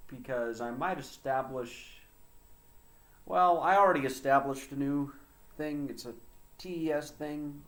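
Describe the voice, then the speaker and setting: An American man talks slowly and loosely on a livestream, rambling from one point to the next. He slips into broken French and Dutch at times. The room gives his voice a clear echo. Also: on the high side, fairly bright tone. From United States. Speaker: livestream host. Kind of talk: casual livestream chat.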